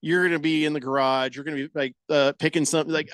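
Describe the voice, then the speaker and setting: A man's voice: a little high, fairly even intonation, quick pace, a bit bright, clear, resonant tone, dry recording, studio quality. A man hosting a radio show, joking and reading listener comments aloud in casual banter.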